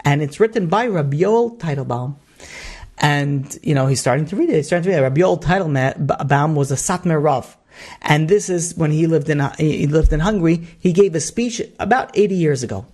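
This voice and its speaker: A man's voice: on the high side, lively intonation, fairly quick, darkish tone. A man, a rabbi, telling a story in a sermon, rambling with many asides and restarts.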